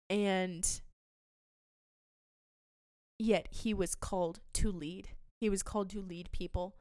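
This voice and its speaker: A woman's voice: mid-range voice, darkish tone, no room sound, clean studio sound. A young woman hosting a faith podcast, talking in an earnest, emotional way with many fillers and restarts. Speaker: podcast host.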